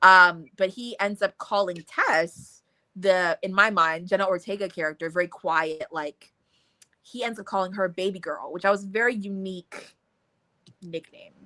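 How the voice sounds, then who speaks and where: A woman co-hosting a casual book discussion, talking in an animated way, swearing freely and acting out scenes in quotes. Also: medium pitch, moderate pace, dry recording. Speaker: book club co-host.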